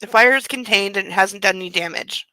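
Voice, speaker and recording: Possessive rich young husband, low and hushed, a woman reading him out, dry close mic. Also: a little fast, no echo, lightly acted, low-quality recording. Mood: dismissive. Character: controlling wealthy young husband, smooth and possessive.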